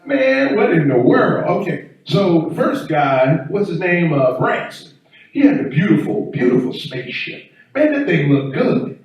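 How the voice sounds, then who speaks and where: A man doing a stand-up set, chatty and animated with the crowd. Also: a little high, unhurried. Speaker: stand-up comedian. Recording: echoey room from far off.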